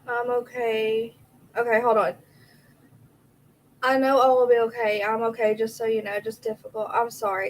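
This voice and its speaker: A woman's voice: fairly high pitch, little pitch movement, moderate pace, long pauses, rough recording. A woman, hosting a casual livestream, chatty and reacting aloud to viewer comments, a little out of breath. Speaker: livestream host.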